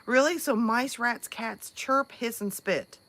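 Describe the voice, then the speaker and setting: A woman from the American South, speaking slowly in a fairly high, somewhat bright voice, chats casually on a live stream outdoors at night. Her Southern accent comes through as she rambles, laughs, and leans on plenty of fillers.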